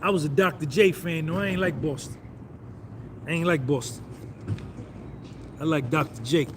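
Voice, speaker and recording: A middle-aged man on a casual live stream, loose and boastful, repeating himself as he shouts out viewers. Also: on the high side, moderate pace, background noise. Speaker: vlogger doing a live stream.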